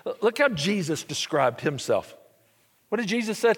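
A pastor in his forties giving a sermon, telling a story with animated delivery and acted-out dialogue in a slightly husky voice. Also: high-pitched, normal speed. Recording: echoey church hall.

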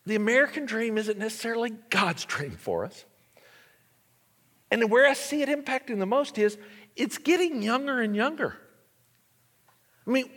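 Husky, high-voiced male pastor, sermon delivery, long church reverb. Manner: animated storytelling, acting out dialogue. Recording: echoey church hall.

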